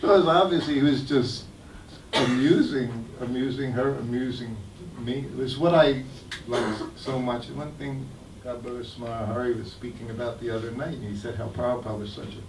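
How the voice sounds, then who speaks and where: An older man, telling stories about his memories in an animated way and laughing as he goes. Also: medium pitch, fairly quick, a little hiss or hum. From United States. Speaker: guest speaker sharing memories. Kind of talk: anecdotal storytelling talk. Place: temple hall. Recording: echoey hall, mic at a distance.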